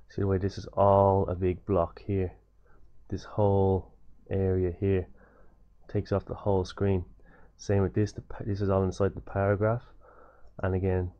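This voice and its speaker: A young man with a low voice gives a loose, repetitive coding tutorial over a screen recording, often using fillers and restarting his sentences. The audio sounds dull.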